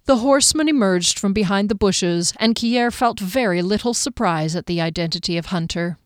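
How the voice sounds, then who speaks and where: A woman narrating a fantasy audiobook in a measured, even storytelling manner, recorded on a close microphone. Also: medium pitch, dry recording.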